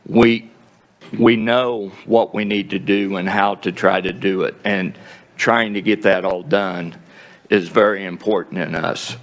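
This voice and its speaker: Slow, plain-spoken man testifying. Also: low voice, fairly even intonation. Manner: halting, plain-spoken, clears throat often. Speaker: groundwater district representative testifying.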